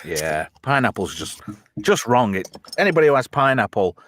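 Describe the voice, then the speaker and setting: An English man hosting a loose late-night chat, swearing and laughing as he reads comments aloud. His pitch swings up and down a lot. The sound is dry and close, with no room around it. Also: big pitch swings, moderate pace, fairly bright tone, no room sound. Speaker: podcast host. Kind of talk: casual chat.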